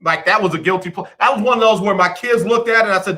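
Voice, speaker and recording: A man hosting a radio show in casual, chatty talk, animated and often repeating his words, on a studio microphone. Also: high-pitched, fast.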